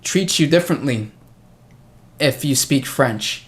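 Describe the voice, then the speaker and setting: A man's voice: medium pitch, lively intonation, unhurried. A young American man hosting a casual chat with a friend, telling stories chattily and acting out the people he quotes. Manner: chatty storyteller who acts out quoted people. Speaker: host of a language-learning channel.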